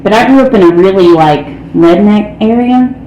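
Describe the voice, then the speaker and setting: A woman speaks bluntly and candidly, telling her recovery story at a middle pitch. Her voice rings in an echoey room, with a faint hum of ambience underneath. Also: normal speed, mellow, highs cut off. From North Carolina, United States. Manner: candid and blunt, with frequent "man" and "you know". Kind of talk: personal recovery testimony. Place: meeting hall.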